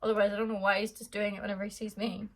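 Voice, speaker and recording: A woman's voice: medium pitch, flat delivery, racing, fairly bright tone, low-quality recording. An Irish woman in her twenties answering fan questions in a casual vlog, rambling and chatty with lots of fillers. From Ireland.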